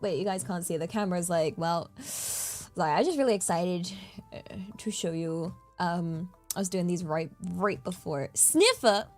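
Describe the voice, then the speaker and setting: A woman streamer chatting casually with her viewers, bubbly and giggly, easily excited. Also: lowish voice, moderate pace, soft background music. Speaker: VTuber streamer. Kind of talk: casual live-stream chat.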